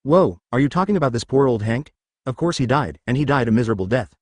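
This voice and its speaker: A man's voice: mid-range voice, expressive, quick pace, no room sound, clean studio sound, lightly acted. A man reading the lines of a brash, boastful newcomer who tells crude jokes in a group chat.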